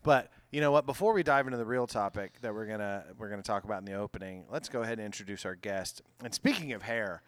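A man's voice: lowish voice, quick pace, hardly any pauses, dry recording. A middle-aged man hosting a casual comedy podcast, swearing freely and telling stories with lots of energy. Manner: profane, animated storytelling. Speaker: podcast host.

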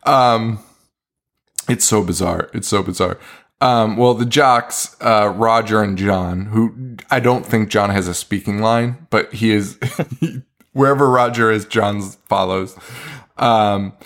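A man's voice: fairly low pitch, takes it slowly, a bit bright. Laughing, profane man recapping a movie. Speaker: podcast co-host. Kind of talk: casual movie review chat.

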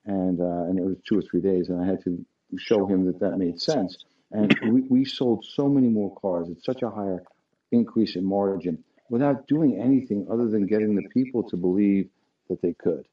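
A man's voice: deep voice, moderate pace, husky, highs cut off. A middle-aged man, a dealership owner, telling an anecdote to his staff with many restarts and fillers.

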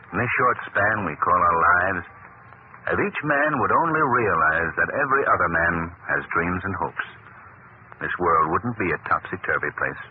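Measured gentlemanly hero, very expressive pitch, tinny old radio, faint hiss. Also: male voice. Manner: measured, earnest. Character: calm gentlemanly male hero, kindly and reflective. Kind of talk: 1930s radio drama acting. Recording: tinny 1930s radio broadcast.

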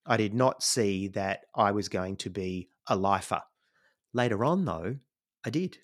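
A middle-aged man with an Australian accent recounts his past at an easy, conversational pace. His voice sits low and he wanders through his story with plenty of "you know"s, reflecting as he goes. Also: animated, unhurried. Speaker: podcast guest.

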